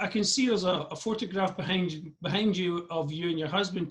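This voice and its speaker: A man's voice: high voice, fairly quick, hardly any pauses. A man with a Scottish accent, interviewing a guest remotely in a friendly, plain manner. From Scotland. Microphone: video call.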